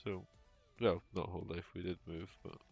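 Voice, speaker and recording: In a casual gaming stream from a room at home, a young father who streams talks into his headset with a low-pitched, creaky, husky voice of darkish tone. His delivery is flat and his speed normal, yet he rambles on with plenty of fillers and dry jokes. The sound is dull and lo-fi, with music in the background.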